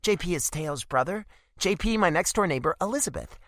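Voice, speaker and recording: A man's voice: high-pitched, lively intonation, brisk, fairly bright tone, dry recording, studio quality, pitched above the performer's own voice. A male audiobook narrator voicing a friendly mother in her late thirties with a neighborly manner.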